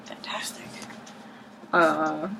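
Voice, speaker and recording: A woman with a somewhat low voice rambles casually to the camera, slipping into hushed asides and mock-dramatic outbursts. She is recorded on a camera's built-in mic in a room at home. A clear hiss runs under the whole low-quality home video. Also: fairly even intonation, extremely slow. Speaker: vlogger showing her record collection.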